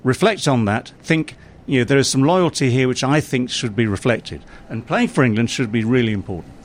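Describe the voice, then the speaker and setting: A man's voice: medium pitch, a little fast. A man in his sixties, a former England cricket captain, reminiscing in a casual outdoor radio interview with plenty of fillers. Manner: relaxed and reminiscing, with many fillers.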